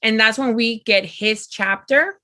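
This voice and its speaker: Bright, animated woman chatting about books. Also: on the high side, a little slow, no room sound. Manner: animated storytelling with lots of "like". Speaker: podcast co-host. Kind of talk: casual book review chat.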